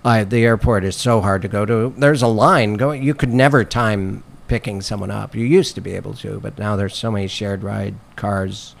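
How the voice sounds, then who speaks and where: A man's voice: on the low side, moderate pace, vocal fry, few pauses. A man on a casual podcast chat, a comedian joking around and slipping into silly voices for bits.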